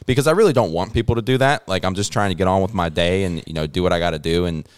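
A low-voiced man talks quickly and loosely, ranting with plenty of swearing and filler words. His voice is smooth and the recording is dry and close. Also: no echo. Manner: profane, ranting, many fillers. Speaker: podcast host. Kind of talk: casual chat.

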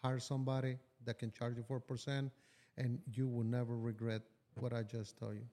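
Blunt, mellow-voiced man on a podcast. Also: medium pitch, moderate pace. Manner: blunt and profane, animated storytelling. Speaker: business owner guest. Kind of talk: casual podcast conversation.

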